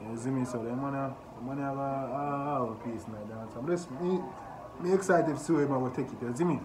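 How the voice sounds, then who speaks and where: A Jamaican man hosting a casual music reaction, talking excitedly and often asking "you see me?". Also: mid-range voice, fast talker. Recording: echoey room with background noise.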